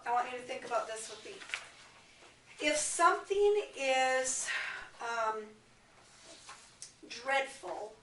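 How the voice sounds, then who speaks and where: A woman teaching a kindergarten lesson, talking slowly and clearly to small children as she reads a story aloud in a classroom. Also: a little high, a bit bright, a little hiss or hum. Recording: echoey classroom, far from the camera mic.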